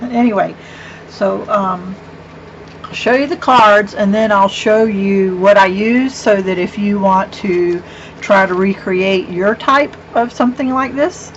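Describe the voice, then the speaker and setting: Middle-aged woman, unhurried, gushing craft vlogger; dull lo-fi recording at a home craft table. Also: medium pitch. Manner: chatty, rambling, with gushing asides. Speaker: card-making vlogger. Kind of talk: casual craft show-and-tell. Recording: dull lo-fi with faint hum.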